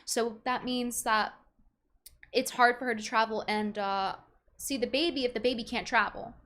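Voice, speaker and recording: A woman's voice: fairly high pitch, steady tone, normal speed, a bit bright. A young woman streamer chatting casually, reading viewer messages aloud and reacting bluntly.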